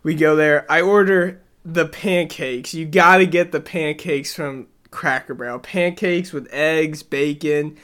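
A young man from the Southern US co-hosting a podcast, telling stories in an energetic, joking, rambling way. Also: a little high, measured pace, few pauses. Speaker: podcast co-host. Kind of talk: casual chat.

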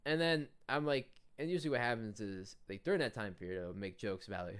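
A man's voice: mid-range voice, lively intonation, fast, few pauses, fairly bright tone. A young man hosting a podcast, telling a story in a casual, profane rant, often laughing and mocking people. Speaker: podcast host.

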